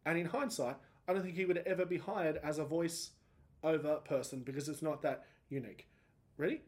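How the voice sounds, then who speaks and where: Aussie guy in his 30s rambling on his podcast, bit high voice, cracks when he gets worked up. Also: a little fast, darkish tone. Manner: rambling, self-mocking, voice cracks upward when emoting. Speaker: podcast host. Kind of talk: solo podcast monologue.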